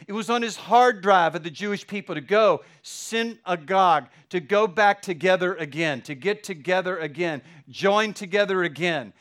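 A man's voice: high voice, lively intonation, moderate pace, hardly any pauses, a bit bright. A middle-aged man, a pastor, preaching a sermon with fervent, building emphasis.

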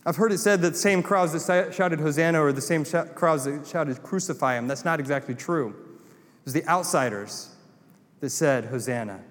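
Southern male pastor, impassioned sermon, slightly high voice, long hall reverb. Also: moderate pace. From North Carolina. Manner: impassioned, builds to emphatic repeated lines.

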